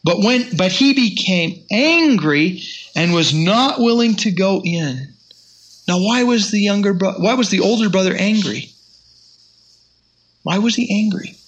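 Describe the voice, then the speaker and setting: A man's voice: high-pitched, animated, a little slow. A man teaching the Bible in a sermon, reading scripture aloud with rising emphasis.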